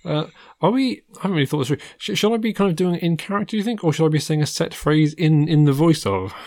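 A man's voice: on the high side, expressive, fast, a little mellow. A man co-hosting a podcast, chatting casually and laughing often. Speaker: podcast co-host. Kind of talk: casual chat.

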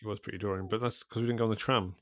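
A man's voice: lowish voice, fairly even intonation, rapid-fire, a bit bright, dry recording. A man, co-hosting a podcast in casual chat, rambling and hesitant with dry understatement. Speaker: podcast co-host.

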